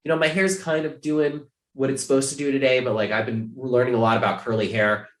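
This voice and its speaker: A man's voice: medium pitch, fairly even intonation, fairly quick. Guy from ohio rambling on a podcast, tons of fillers, kinda echoey room. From Ohio, USA. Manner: rambling, many fillers and restarts. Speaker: guest. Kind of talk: casual podcast conversation.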